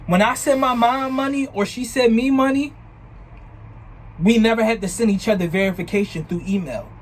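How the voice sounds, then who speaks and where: A man's voice: very high-pitched, moderate pace, a little hiss or hum, rough recording. A young man from New Jersey casually telling a storytime about scam attempts, swearing freely and acting out the messages he got. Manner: animated, profane, retelling chats with quoted lines. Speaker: vlogger.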